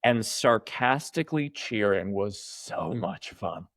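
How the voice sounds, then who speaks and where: A man's voice: on the low side, expressive, takes it slowly, dry recording, clean studio sound. A man around forty co-hosting a podcast, talking emphatically and acting out mocking cheers. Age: late 30s to early 40s. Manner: emphatic, voices mock cheers loudly. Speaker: podcast co-host. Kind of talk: casual opinion chat.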